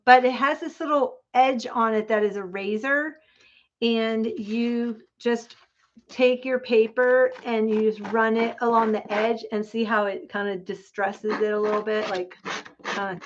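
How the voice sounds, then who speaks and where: A woman with a slightly high voice and a steady tone talks a little slowly as she hosts a casual craft-along livestream. Chatting with viewers, she thinks aloud over her measuring and cutting; the home stream is dull and lo-fi, with clear background noise.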